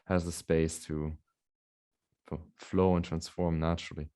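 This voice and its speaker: A man hosting a calm, meandering conversation about mindfulness and emotions, with soft affirmations. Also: a bass voice, unhurried, smooth. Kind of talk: casual conversation.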